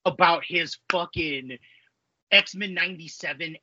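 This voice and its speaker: A man co-hosting a podcast, chatting excitably and profanely about a movie. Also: fairly high pitch, unhurried, no room sound, lo-fi sound. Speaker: podcast co-host. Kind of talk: casual movie chat.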